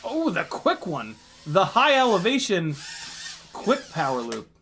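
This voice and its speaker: An excitable man talks through a casual live stream, his pitch swinging widely as he cracks jokes and swears. A faint hiss of noise sits under his voice. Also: measured pace. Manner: excitable, exclaiming and swearing while flying; jokey, laughs often. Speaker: FPV drone pilot and live stream host.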